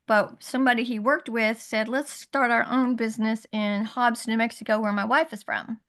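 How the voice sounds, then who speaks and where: A middle-aged woman on a video call, earnestly telling a hard personal story, halting and rising in pitch when upset. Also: steady tone, a bit bright. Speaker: guest sharing her story. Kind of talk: emotional personal testimony.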